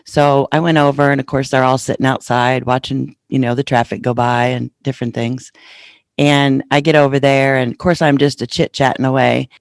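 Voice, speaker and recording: A woman's voice: rumbling low, normal speed, no echo, studio quality. A woman podcast host casually telling a personal story in a chatty way, acting out what others said to her. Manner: chatty, retells conversations with lively quoted voices.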